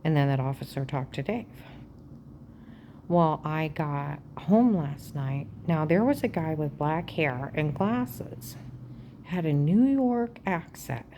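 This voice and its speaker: A woman talking straight at the camera in a rambling personal monologue, agitated and aggrieved, jumping from claim to claim and often dropping to a hushed, half-whispered voice. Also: low-pitched, expressive, slow pace, a little hiss or hum. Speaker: vlogger.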